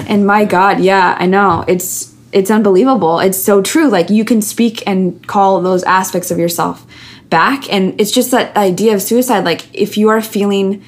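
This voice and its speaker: A woman's voice: mid-range voice, fairly even intonation, unhurried. A woman, a podcast guest, talking candidly and earnestly, telling personal stories with many restarts and fillers.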